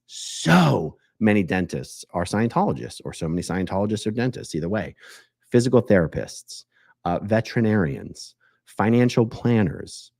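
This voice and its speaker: A man hosting a commentary video, talking in an animated, joking way with digressions. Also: on the low side, no echo, studio quality. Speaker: host.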